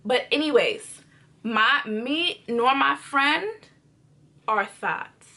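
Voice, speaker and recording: A young woman vlogger telling a storytime in an animated, expressive way. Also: sits high, extremely slow. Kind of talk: storytime vlog.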